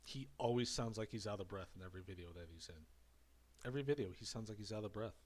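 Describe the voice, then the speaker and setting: A man with a fairly low voice runs a loose commentary rant. He rambles and circles back over the same words. He sounds a little breathless, having just had a drink. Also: fast, slightly rough. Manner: rambling and repetitive. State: slightly out of breath after drinking. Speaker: commentary streamer. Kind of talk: casual ranting commentary.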